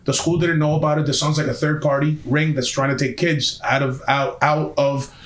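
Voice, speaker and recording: A man's voice: a little high, level tone, moderate pace, echoey room. A man telling a story on a podcast in a heated, emphatic way, swearing often. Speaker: podcast guest. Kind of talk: casual storytelling.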